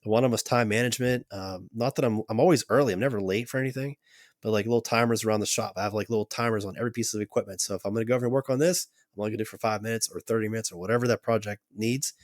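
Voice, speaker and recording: Fast-talking man telling a story. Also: lowish voice, no room sound, studio quality. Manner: animated, acts out quotes. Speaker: podcast guest, gear company owner. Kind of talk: casual storytelling.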